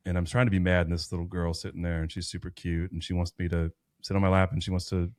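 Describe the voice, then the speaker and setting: A man in his thirties, a guest on a podcast, shares a personal faith testimony in conversation, earnest and rambling with many restarts. His voice is deep and darkish, delivered flatly and fast. The studio-quality recording has no echo.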